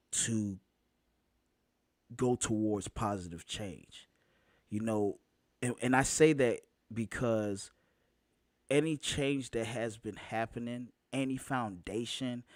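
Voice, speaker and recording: A man hosts his own live show, talking straight to his audience in a loose, chatty way. He slows down to hammer a point home and repeats lines for weight, often breaking into a laugh. His mid-range voice sounds close and dry, with no room echo. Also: medium pitch. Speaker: show host. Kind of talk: live solo talk show monologue.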